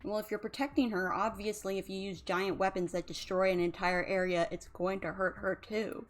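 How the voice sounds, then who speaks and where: A woman's voice: medium pitch, steady tone, normal speed, soft background music. A woman, a drowsy, yawning streamer who rambles casually about emotions with lots of fillers. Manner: rambling, chatty, many fillers. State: sleepy, yawning.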